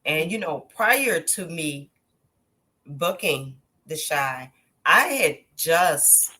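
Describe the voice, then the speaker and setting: A woman guest on a podcast, an actress telling stories in casual chat, acting out quotes and laughing often. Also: low voice. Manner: animated storyteller, acts out quotes, laughs often. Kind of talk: casual storytelling interview.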